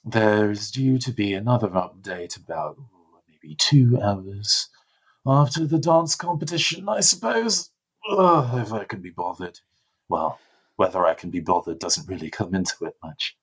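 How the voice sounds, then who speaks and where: A listless android attendant, condescending and bored, sighing through its explanations, as a man puts it on. The voice sits low and drags at an unhurried, slow pace. It sounds like a tabletop game character played in the moment. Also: expressive, a bit bright, husky, full character voice. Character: bored, smug android attendant who fans a patron. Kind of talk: tabletop role-play in character.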